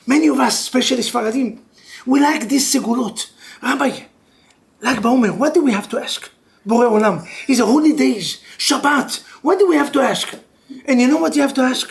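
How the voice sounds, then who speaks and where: Teaching couples in an animated, humorous religious class, a rabbi sprinkles Hebrew into his non-native English. His very high, gravelly voice moves briskly, jumping from loud bursts to hushed, intense moments.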